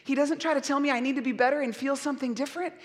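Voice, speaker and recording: A middle-aged woman pastor preaches a sermon in an earnest, gentle way. Her high voice carries a long echo from the church hall. She turns soft and soothing now and then. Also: rapid-fire.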